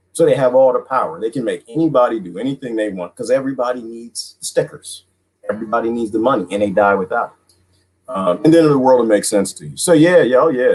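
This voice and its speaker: A man hosting a livestream who talks in an animated, mocking way, laughs often, and is losing his voice. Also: mid-range voice, breathy edge, rough recording. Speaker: livestream host reading viewer comments. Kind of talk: casual livestream monologue.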